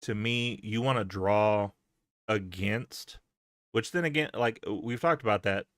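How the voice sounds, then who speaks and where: A man's voice: lowish voice, measured pace, a bit bright, no room sound, studio quality. A man hosting a podcast, chatting loosely about wrestling with restarts, stammers and swearing. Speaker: podcast host. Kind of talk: casual wrestling chat.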